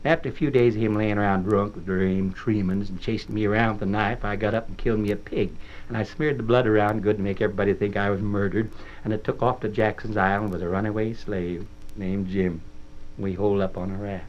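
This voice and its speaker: A man's voice: on the low side, fairly even intonation, quick pace, a little mellow. A man giving a folksy dramatic reading as a boy narrator, in plain-spoken rural dialect, on a dull old record.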